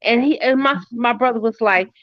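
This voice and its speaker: A middle-aged woman chatting casually and telling a family story, her pitch jumping when she quotes people. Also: normal speed, no room sound. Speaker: co-host. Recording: dry, muffled lo-fi audio.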